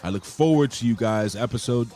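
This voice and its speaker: A man co-hosting a wrestling podcast in casual chat, loud and jokey, swearing as he reads out viewer comments. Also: medium pitch, brisk, soft background music. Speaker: podcast co-host reading chat.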